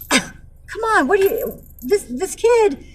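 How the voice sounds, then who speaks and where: A woman's voice: very high voice, animated, slow pace, background noise. A woman in her forties telling a vlog story in a blunt, heated way, with flashes of anger and weary sighs. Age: 40s. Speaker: vlogger.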